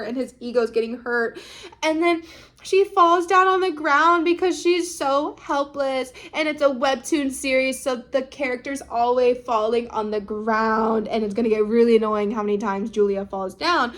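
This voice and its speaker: High-pitched young woman, chatty drama recap, fillers and asides, dramatic gushing delivery. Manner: gushing, dramatic, acts out characters' lines in quick put-on voices; talks fast with lots of fillers and asides to the listener.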